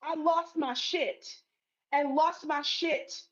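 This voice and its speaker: A woman's voice: high-pitched, fairly even intonation, slow pace. A woman telling a story to camera in a blunt, profane, emphatic way. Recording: dull lo-fi sound.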